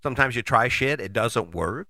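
Animated man with a bright, lively voice. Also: medium pitch, normal speed, no room sound, clean studio sound. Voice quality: casual, swears freely. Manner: animated, conversational, frequent rhetorical questions. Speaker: motivational host. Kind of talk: motivational monologue.

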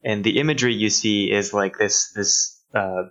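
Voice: sits low, steady tone, normal speed, a bit bright, lo-fi sound. A person in casual chat with friends, playful and giggly.

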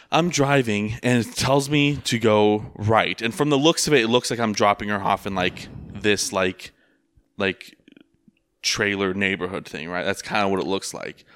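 A man's voice: on the low side, fairly bright tone, clear, resonant tone, no room sound. A young man telling a rambling story in casual chat, full of fillers and swearing. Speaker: rideshare driver.

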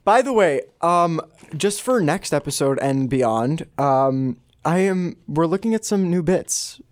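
A man hosting a podcast in casual chat, loose and profane, breaking into giggly asides. His voice sits a little higher than most men's. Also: lively intonation, a little slow. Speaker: podcast host.

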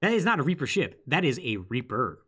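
A man co-hosting a podcast, telling a game's story in casual, lively chat with quick asides. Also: mid-range voice, breathy edge. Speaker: podcast co-host. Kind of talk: casual chat recapping a video game.

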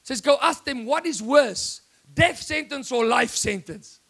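A man with a South African accent preaching an excitable sermon, often breaking into shouts. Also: extremely high pitch, measured pace, creaky.

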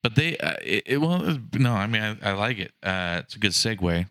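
Low-voiced man rambling on a podcast. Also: very animated, fairly quick, sharp tone, no room sound, clean studio sound. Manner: rambling, frank, full of "like" and "I mean". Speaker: podcast co-host. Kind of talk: casual chat.

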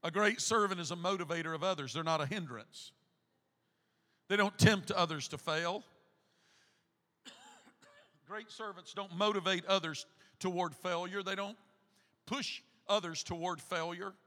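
A middle-aged man, a pastor preaching a sermon, building to shouted, repeated emphasis in a church. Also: high-pitched, unhurried, long pauses, big-room sound. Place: church sanctuary.

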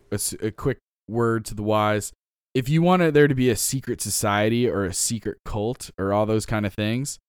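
A man's voice: mid-range voice, smooth, dry recording, clean studio sound. A man co-hosting a podcast about running tabletop games, chatting casually, giving advice and laughing often. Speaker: podcast co-host, game master.

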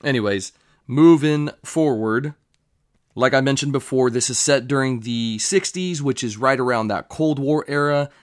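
Brief: young male reviewer, mid pitch, dry close sound, loose rambling delivery, swears. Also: moderate pace, no room sound. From United States. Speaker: show reviewer. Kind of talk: casual show review.

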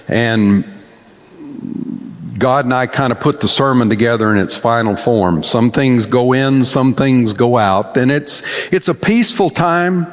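A man preaching a sermon as pastor, telling stories in an animated, folksy way. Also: mid-range voice, a little slow, in a large hall.

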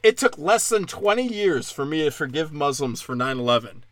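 A man's voice: big pitch swings, moderate pace, fairly bright tone, no room sound. Brash, profane male stand-up comic. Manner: profane, brash, mocking impressions in a high voice. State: tipsy. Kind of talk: crude stand-up rant.

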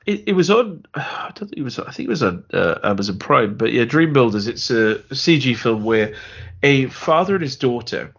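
A man's voice: medium pitch, very animated, normal speed, gravelly, husky, lo-fi sound. A man co-hosting a film podcast in a casual, rambling way, often repeating words and laughing as he talks. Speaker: podcast co-host.

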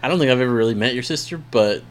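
A man co-hosting a podcast in casual chat, easygoing and quick to chime in. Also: mid-range voice, slight background noise. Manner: easygoing, quick with interjections and laughs. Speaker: podcast co-host.

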